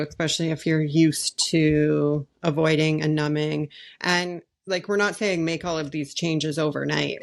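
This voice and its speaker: A woman's voice: deep voice, gravelly. A woman co-hosting a podcast, agreeing and adding reflective thoughts in casual conversation. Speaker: podcast co-host.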